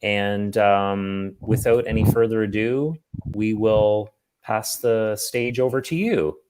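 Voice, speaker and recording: A man hosts an online comedy show and hands the stage to the next comedian. He speaks in a friendly, slightly halting way over a video call. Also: on the low side, fairly even intonation, a little mellow, clean tone. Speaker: show host. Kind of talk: introducing a comedian.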